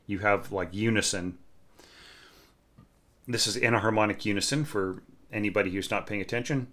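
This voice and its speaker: A man's voice: on the low side, bright, forceful tone. A man critiquing orchestration scores in a casual, thinking-aloud way, with many fillers, often humming the parts he is reading. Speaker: orchestration teacher reviewing scores.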